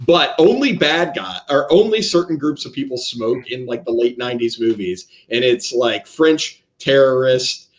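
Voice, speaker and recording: A man's voice: mid-range voice, lively intonation, normal speed, hardly any pauses, highs cut off. A man co-hosting a casual movie chat, rambling through tangents with frequent restarts. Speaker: podcast co-host.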